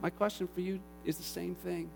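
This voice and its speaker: A man preaching a sermon, telling the story with animated energy and acting out the characters. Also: high-pitched, fairly quick, creaky, a little hiss or hum.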